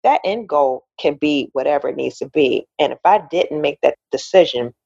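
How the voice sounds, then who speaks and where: A woman in her forties, a podcast guest, telling a personal story in a lively way and acting out the voices of the people in it. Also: low voice, normal speed, creaky, husky, dry recording, dull audio. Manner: animated storyteller, acts out quoted voices, laughs often. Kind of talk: casual interview storytelling.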